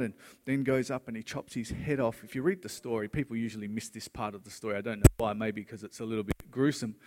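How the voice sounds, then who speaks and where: Earnest preacher in a reverberant hall. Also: male voice, medium pitch, darkish tone. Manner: earnest, conversational storytelling with frequent "right?". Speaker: pastor. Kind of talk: sermon.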